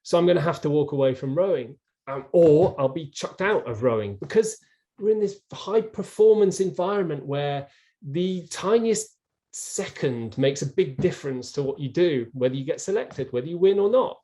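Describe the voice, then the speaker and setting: A man's voice: fairly high pitch, expressive, normal speed, mellow. A middle-aged man, a former rower, telling his story earnestly as an interview guest, with many restarts, over a video call.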